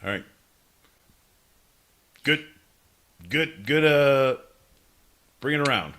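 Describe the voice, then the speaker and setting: A man co-hosting a comedy podcast, playful and theatrical, swinging between loud bursts and mumbled asides. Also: medium pitch, expressive, extremely slow. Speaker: podcast co-host.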